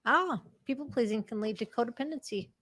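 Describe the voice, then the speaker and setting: A woman co-hosting a recovery stream in casual chat, upbeat and playful, cheering people on with quick interjections. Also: on the high side, a bit bright.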